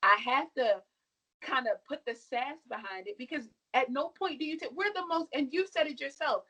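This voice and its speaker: A young woman speaking emphatically and forcefully as a podcast guest, building each point with passion and sass. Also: sits high, normal speed, poor audio. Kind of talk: impassioned podcast discussion.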